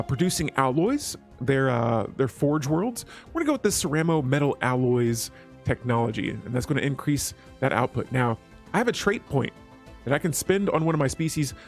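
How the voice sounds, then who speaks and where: A man's voice: medium pitch, big pitch swings, brisk, soft background music. A man hosting a strategy game let's play, chatting casually with his viewers as he clicks through menus. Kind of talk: gameplay commentary.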